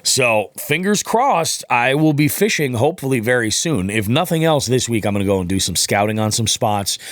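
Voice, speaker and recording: A man's voice: medium pitch, expressive, a little fast, no echo, clean studio sound. A man, hosting a podcast and telling rambling stories in casual chat, swearing freely. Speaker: podcast host.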